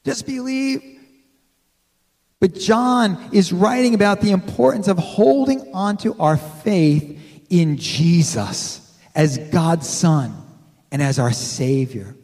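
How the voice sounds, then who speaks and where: Male pastor, high voice, chatty sermon delivery with amen prompts, long church reverb. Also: slow pace, darkish tone. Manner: conversational preaching, asks the congregation for amens. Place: church sanctuary.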